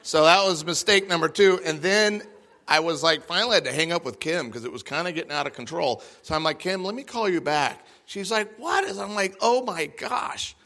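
A man from Texas giving a humorous sermon as guest speaker, acting out quotes with sudden loud bursts. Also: on the high side, moderate pace.

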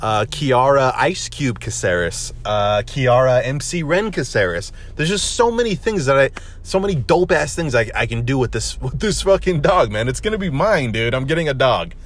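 A young man hosting a casual solo podcast, rambling excitedly with lots of swearing and restarts. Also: medium pitch, moderate pace, few pauses. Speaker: podcast host.

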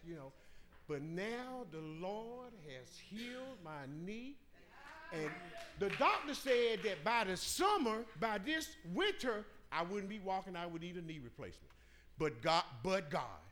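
A man gives his testimony in a church service. His voice sits high and swings widely up and down. He speaks emphatically and works himself up toward a shout. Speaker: church member giving testimony.

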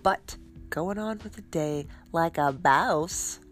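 A woman hosting a podcast, talking casually about spiritual self-care while a little stuffed up, in a relaxed, chatty way. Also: sits low, takes it slowly, soft background music. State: stuffed up, congested. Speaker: podcast host.

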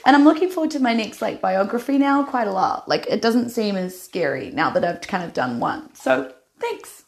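A woman's voice: medium pitch, very animated, normal speed. A woman hosting a podcast, chatty and upbeat, saying "like" often. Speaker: podcast host. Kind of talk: casual chat. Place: bath.

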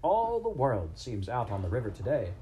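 A man's voice: medium pitch, wildly swooping pitch, normal speed, warm tone, slight background noise, rough recording. A man voicing a sociable male otter who talks in a breezy, gossipy, chuckling way. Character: sociable male water otter, chatty and jolly.

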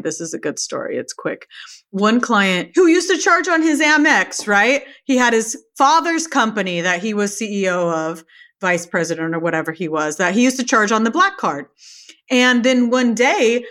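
Animated woman telling a wild story. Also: medium pitch. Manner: animated storyteller, acts out quotes. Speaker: podcast guest. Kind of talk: storytelling in a casual interview.

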